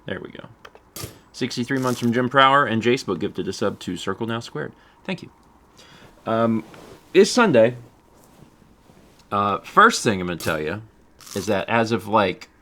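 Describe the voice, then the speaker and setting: A man's voice: lowish voice, animated, unhurried, pauses often, bright, forceful tone. A man chatting casually on a game stream, rambling and amused, with frequent fillers and asides.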